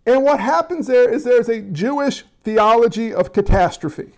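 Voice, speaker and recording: A pastor preaches in a high voice, speaking straight to his congregation in a casual, conversational way. He often stumbles and restarts his words. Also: expressive, normal speed, darkish tone, lo-fi sound. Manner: frequent stammered restarts. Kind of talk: sermon.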